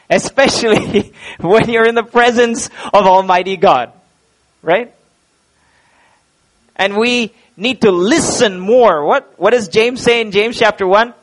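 High-voiced emphatic male preacher. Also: a bit bright, low-quality recording. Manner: emphatic, rhetorical questions, repeats words. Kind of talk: sermon.

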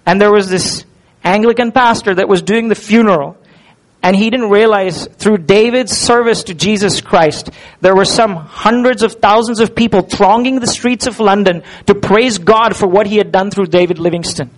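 A male pastor delivering a sermon, animated and full of rhetorical questions. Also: high-pitched, moderate pace, poor audio.

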